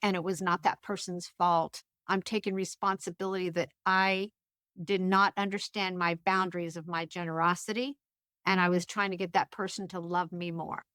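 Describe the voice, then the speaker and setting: A woman's voice: on the low side, flat delivery, normal speed, a bit bright, smooth, dry recording, clean studio sound. A woman talking as an interview guest, telling personal stories in a chatty way with frequent restarts and fillers. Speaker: guest, author. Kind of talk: casual conversational interview.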